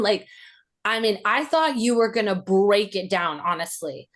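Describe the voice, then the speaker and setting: Slow, reflective woman recounting a memory. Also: medium pitch, animated, fairly bright tone. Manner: reflective and halting, with many "like" fillers. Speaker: podcast host. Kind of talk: personal recollection in a podcast interview.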